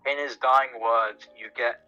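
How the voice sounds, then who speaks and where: A man's voice: medium pitch, fairly even intonation, a little slow, bright, forceful tone, lo-fi sound, soft background music. A young man guesting on a podcast, chatting casually and hesitantly about films, often restarting his sentences.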